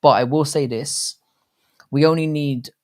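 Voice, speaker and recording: A man's voice: a little high, steady tone, a little slow. A young man hosting a casual live chat, reading viewer comments aloud, over-enunciating his words and swearing freely in crude banter. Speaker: livestream host.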